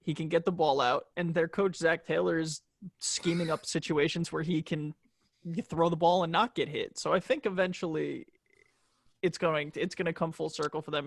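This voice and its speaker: A man's voice: a little high, vocal fry, no echo, clean studio sound. A man co-hosting a casual sports betting podcast, rambling with plenty of ums and restarts. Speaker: podcast co-host.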